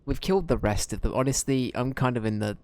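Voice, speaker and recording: A man's voice: medium pitch, fast talker, darkish tone, dry recording. A man streaming a video game, rambling and joking at his own expense as he plays. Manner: rambling, self-mocking, jokey. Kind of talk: casual gameplay commentary.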